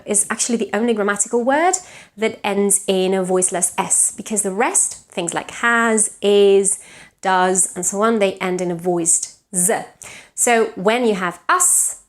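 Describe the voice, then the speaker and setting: A woman with a Catalan accent teaches English pronunciation in an online lesson. She speaks at a middle pitch, models each word slowly and deliberately, and keeps checking in with short questions like "yes?" and "right?". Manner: clear, deliberate teaching, slows down to model words, frequent check-ins like "yes?".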